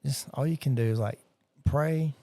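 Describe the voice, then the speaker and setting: Gravelly middle-aged guy, warm low tone, animated and chatty, says dude a lot. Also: normal speed, no room sound. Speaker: podcast guest, jiu-jitsu instructor. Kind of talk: casual chat.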